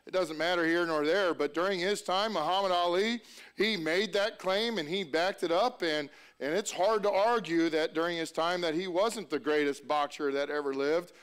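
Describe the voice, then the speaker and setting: A man preaching in a relaxed, conversational way, stumbling over restarts and tossing rhetorical questions to his listeners. His voice sits high for a man and rings smooth and clear. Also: moderate pace. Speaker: pastor. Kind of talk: sermon.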